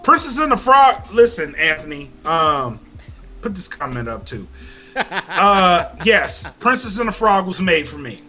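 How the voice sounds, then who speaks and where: Man, podcast host, lively swinging delivery, bright forceful tone, profane rant. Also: on the high side, measured pace, soft background music. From Louisiana. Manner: animated ranting, heavy swearing. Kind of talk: casual chat.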